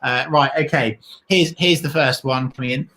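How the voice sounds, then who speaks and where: A man co-hosting a long charity livestream, talking in an excitable, gushing way and thanking donors warmly, worn out from the long hours. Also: medium pitch, moderate pace, low-quality recording. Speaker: livestream co-host. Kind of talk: casual livestream chat.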